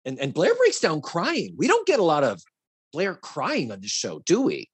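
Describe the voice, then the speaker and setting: Animated man with a lively voice. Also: a little high, moderate pace, breathy edge, no echo. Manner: animated, profane, acts out quotes from the show. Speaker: podcast host. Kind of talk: casual chat reviewing a sitcom.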